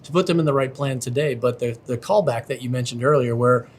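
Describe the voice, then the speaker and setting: A man's voice: mid-range voice, fast talker. A man who leads in the company, speaking with enthusiasm in a casual podcast conversation. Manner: enthusiastic and agreeing. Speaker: company leader and podcast guest.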